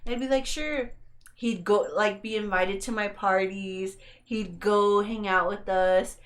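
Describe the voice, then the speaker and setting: A woman's voice: mid-range voice, steady tone, a little slow. A young woman co-hosting a podcast, telling a story in casual chat and acting out the lines she quotes. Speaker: podcast co-host.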